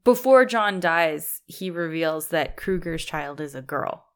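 A woman co-hosts a podcast, chatting casually about a movie and agreeing readily with her partner. Her voice sits low but moves animatedly, and she laughs often. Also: expressive, a little slow, smooth. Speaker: podcast co-host.

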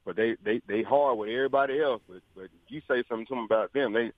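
A man's voice: mid-range voice, quick pace, no echo. A man calling in to a radio show, rambling and earnest, saying "man" a lot. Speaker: caller. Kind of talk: phone-in chat. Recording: tinny phone line.

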